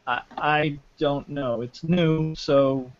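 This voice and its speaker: A man hosting a live online panel show from home, talking casually and haltingly with many fillers and restarts. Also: a little high, steady tone. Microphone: video call. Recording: dull lo-fi glitchy internet audio.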